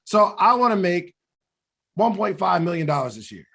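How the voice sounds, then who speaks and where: A man's voice: high-pitched, big pitch swings, moderate pace, vocal fry, pushed and bright. A man co-hosting a podcast, talking through goals in an earnest, reflective way and laughing at himself now and then. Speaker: podcast co-host. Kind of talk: motivational talk.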